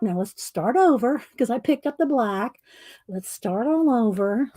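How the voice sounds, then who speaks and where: Middle-aged woman host, casual and chatty, slightly high-pitched, narrates her craft work to viewers. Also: expressive, a little slow. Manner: chatty, talks to viewers while working. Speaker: art livestream host. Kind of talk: casual livestream chat while crafting.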